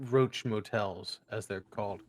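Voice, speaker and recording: A man's voice: on the low side, steady tone, unhurried. A man playing a tabletop game who jokes and laughs easily with the group. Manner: joking, giggly. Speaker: player. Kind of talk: casual tabletop play.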